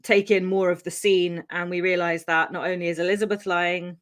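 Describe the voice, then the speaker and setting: A woman's voice: fairly low pitch, flat delivery, brisk. A woman from Wales, co-hosting a podcast and telling a true-crime case in a chatty style, laughing easily and using many ums. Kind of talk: casual true-crime storytelling.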